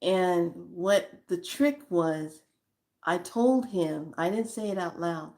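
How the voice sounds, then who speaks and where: A woman's voice: on the low side, expressive, slow pace, darkish tone. A woman who reads tarot cards, telling stories about her readings in a chatty, blunt way with casual swearing. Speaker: tarot card reader. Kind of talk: casual storytelling.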